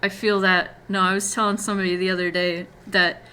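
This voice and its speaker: A woman's voice: medium pitch, flat delivery, brisk, sharp tone, smooth. A young woman chatting casually on her own stream, laughing often between remarks. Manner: giggly, chatty.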